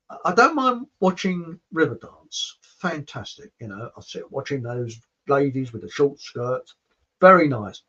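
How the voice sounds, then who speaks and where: A man's voice: a little high, fairly bright tone, breathy edge. A man hosting an online show, telling rambling self-mocking stories and laughing as he goes. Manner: chuckling, self-mocking storyteller. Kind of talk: rambling anecdotal chat. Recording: dull lo-fi sound.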